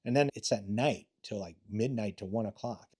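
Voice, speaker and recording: A man's voice: fairly low pitch, moderate pace, dark tone, husky. An older man, a retired police detective, telling rambling, profane stories in a casual interview, often restarting his sentences.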